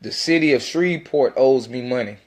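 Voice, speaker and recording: A man's voice: medium pitch, brisk. Profane, rambling man. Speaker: independent rapper. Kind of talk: casual self-recorded monologue.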